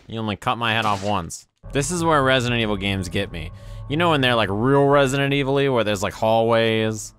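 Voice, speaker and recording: A man's voice: medium pitch, brisk, fairly bright tone, slight background noise. A man with a nasal voice, cursing and trash-talking through casual live commentary on a video game. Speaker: game streamer. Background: game music.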